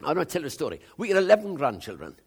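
Older man, gravelly, slightly high voice, storytelling preacher, clears throat and chuckles. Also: huge pitch swings, very fast. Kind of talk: conversational sermon.

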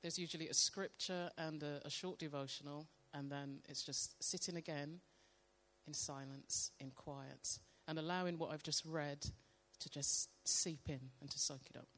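A woman sharing a calm devotional testimony and leading a slow, meditative guided prayer. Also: deep voice. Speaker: church member sharing testimony.

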